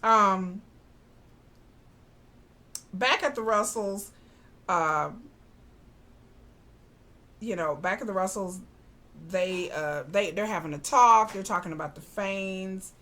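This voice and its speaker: A woman, casually recapping a TV drama, chatty and animated, acting out the characters' lines with slang asides. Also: medium pitch, slow, long pauses. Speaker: podcast host recapping a TV drama.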